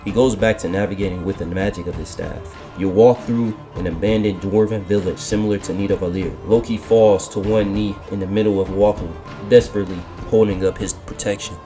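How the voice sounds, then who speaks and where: A man reading a scripted fan-fiction story, calling out the action beat by beat in steady narration. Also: on the low side, brisk, hardly any pauses. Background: background music.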